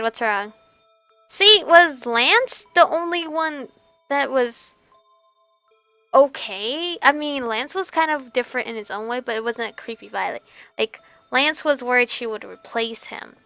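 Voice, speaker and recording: A woman hosting a let's play, reading a visual novel aloud and reacting in an animated, exclaiming way. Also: high-pitched, takes it slowly, pauses often, clean tone, no echo, faint music behind.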